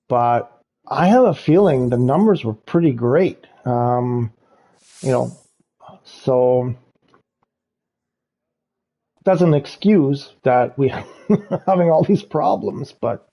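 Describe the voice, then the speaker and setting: A man's voice: mid-range voice, slow pace, pauses often, mellow. A man streaming a racing game live, chatting loosely with viewers and laughing often. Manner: rambling, laughs often, talks to chat. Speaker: livestreamer playing a racing game. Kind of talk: casual live gameplay commentary. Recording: dull lo-fi stream audio.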